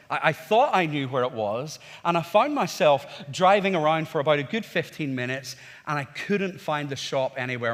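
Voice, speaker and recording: A man in his forties with a Northern Irish accent preaches, telling stories in a relaxed, conversational manner. He often turns to rhetorical questions. His voice sits at a middling pitch, and it carries a long reverb from a large hall. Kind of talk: sermon.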